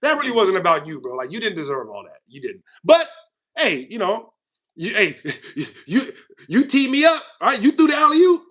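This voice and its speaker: Heated ranting host, man, high bright voice, confrontational. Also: sing-song, moderate pace. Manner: heated, confrontational, repetitive, swings loud and quiet. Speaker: channel host. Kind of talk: ranting commentary to viewers.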